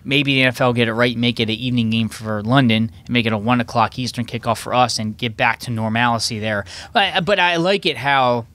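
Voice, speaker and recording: A man co-hosting a sports podcast in casual chat. He talks in an excitable, rambling way, with many restarts. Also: medium pitch, fairly quick, few pauses. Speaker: podcast co-host.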